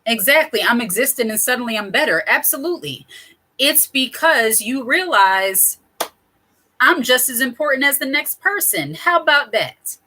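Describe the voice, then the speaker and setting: A woman's voice: fairly high pitch, lively intonation, normal speed, sharp tone. A woman in her thirties hosting her own channel, talking to camera in a candid, chatty way with small laughs and self-corrections. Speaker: channel host. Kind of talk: casual talk to camera.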